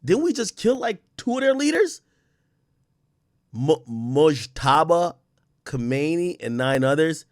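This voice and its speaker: A man's voice: fairly high pitch, very animated, slow, long pauses, no echo. Guy streaming reactions to clips, swears a lot, laughs, voice jumps up and down, dry close sound. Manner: blunt, profane, laughs often. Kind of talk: casual reaction commentary.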